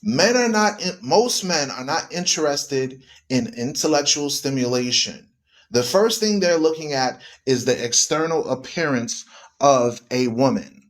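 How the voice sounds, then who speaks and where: A man's voice: medium pitch, animated, measured pace. A man speaking as a radio guest in an emphatic, preaching style, repeating words for stress and addressing listeners directly. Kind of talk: preaching commentary.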